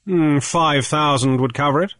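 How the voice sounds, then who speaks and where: A man doing a gruff, dangerous sea captain. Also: a little high, moderate pace, a bit bright, dry recording, studio quality, pitched above the performer's own voice, close to an everyday voice. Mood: guarded, blunt. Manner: gruff and blunt. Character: hard, dangerous adult male sea captain. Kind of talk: audiobook character voice.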